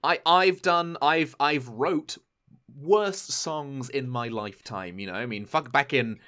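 A British man chatting casually as a podcast co-host, animated and theatrical with frequent swearing. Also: medium pitch, slow pace, dull audio. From Britain. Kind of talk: casual chat.

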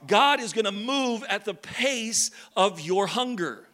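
A man preaching a lively sermon, telling a story with jokes and shouting at times. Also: high-pitched, slow.

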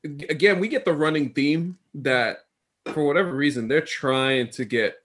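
A man's voice: fairly high pitch, normal speed, fairly bright tone. A man co-hosting a podcast in casual chat, thinking aloud as he goes. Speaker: podcast co-host.

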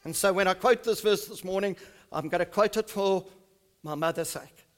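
Man preaching in church, fifties, high voice, slow emphatic scripture reading. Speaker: pastor. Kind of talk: sermon. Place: church service.

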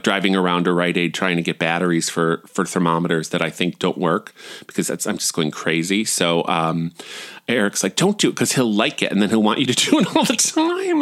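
A man's voice: fairly low pitch, a bit bright. A middle-aged man hosting a podcast, telling rambling, self-deprecating stories in a casual monologue. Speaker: podcast host.

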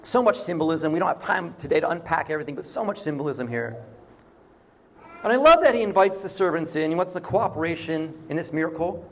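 A man's voice: on the high side, lively intonation, fast, fairly bright tone. A man preaching a sermon in a conversational way, often acting out short quoted voices. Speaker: pastor.

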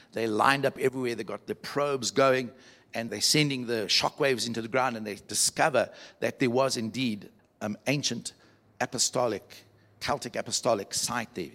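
Gravelly-voiced man preaching a story. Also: mid-range voice. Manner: animated storyteller, acts out quoted voices. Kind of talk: sermon storytelling.

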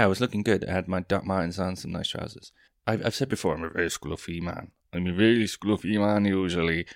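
A man's voice: low voice, no echo, studio quality. A young man, hosting a podcast with a profane, self-mocking, rambling comic monologue full of tangents. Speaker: podcast host. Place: London.

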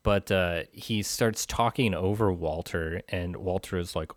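A man's voice: deep voice, unhurried, no echo, studio quality. A man co-hosting a casual film discussion, thoughtful and rambling with fillers. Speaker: film podcast co-host.

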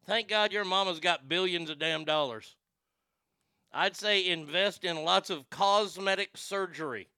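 A man with a high, bright voice rants through a casual live-stream show, swearing freely and reading viewer comments aloud. His tone is crisp and carries a gravelly edge. He is recorded on a close mic in a dry room. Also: measured pace, no room sound. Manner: profane, ranting, reads chat comments aloud. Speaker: talk show host.

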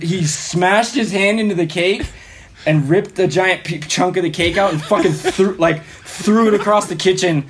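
A man's voice: high voice, moderate pace, slight background noise. A man telling a story as a podcast guest in casual, rambling speech full of fillers, often laughing.

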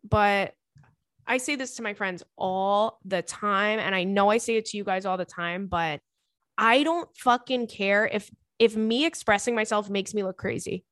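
A woman's voice: mid-range voice, moderate pace, fairly bright tone, no echo, clean studio sound. A young woman hosting a podcast, chatting bluntly and swearing freely as she reads a listener's letter aloud. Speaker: podcast host. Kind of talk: casual podcast chat reading a listener letter.

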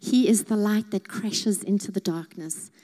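A woman sharing a heartfelt faith testimony, earnest and at times dropping to a hushed voice. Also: medium pitch, measured pace. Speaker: speaker sharing her testimony.

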